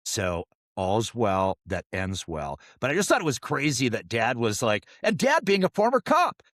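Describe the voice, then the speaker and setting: A middle-aged man co-hosting a podcast tells family stories in a joking, animated way. He speaks at a moderate pace in a mid-range voice, and the studio-quality audio has no room sound.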